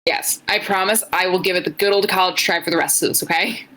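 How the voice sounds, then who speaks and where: A woman co-hosting a podcast in casual chat, a bit tipsy, chatty and quick to laugh at herself. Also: fairly low pitch, sharp tone, poor audio. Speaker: podcast co-host.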